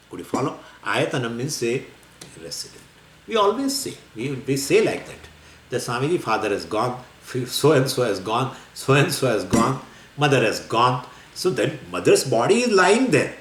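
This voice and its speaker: A male spiritual teacher lectures on scripture with a lively, rising and falling voice and a rambling, filler-heavy way of explaining. The room around him rings with echo, and faint ambient noise sits underneath. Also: medium pitch. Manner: lively, wandering explanation with frequent fillers and laughs.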